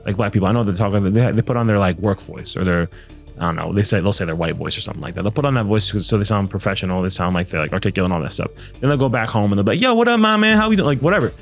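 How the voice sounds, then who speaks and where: A man's voice: low-pitched, rapid-fire, gravelly, soft background music. A man giving casual reaction commentary on clips, loose and conversational with many fillers.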